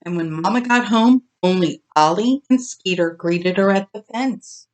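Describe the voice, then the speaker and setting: Slow, expressive woman reading a storybook. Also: mid-range voice. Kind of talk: storybook read-aloud.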